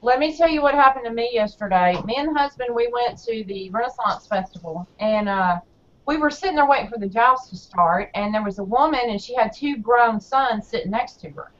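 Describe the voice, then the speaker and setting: Blunt woman telling a story all fired up, kinda high voice, muffled lo-fi sound. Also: a little fast. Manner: blunt, animated storyteller who acts out quarrels. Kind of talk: casual chat. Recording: dull lo-fi audio.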